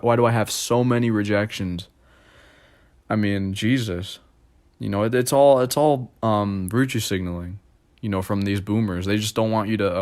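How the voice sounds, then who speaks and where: A young adult man rambling self-deprecatingly in a casual vlog monologue. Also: lowish voice. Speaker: vlogger.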